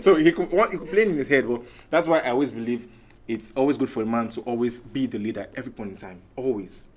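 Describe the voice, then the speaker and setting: A man's voice: medium pitch, quick pace. A man, a guest on a casual talk show, speaking animatedly and acting out the lines he quotes. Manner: animated, acts out quoted lines, repeats himself. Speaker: guest panelist. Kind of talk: casual panel chat.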